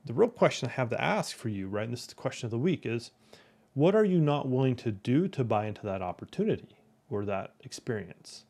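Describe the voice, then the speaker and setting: A man's voice: medium pitch, very animated, brisk, a little mellow. A man telling a casual, rambling story as the host of a motivational talk, often tagging his sentences with "right?". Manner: rambling, keeps asking "right?".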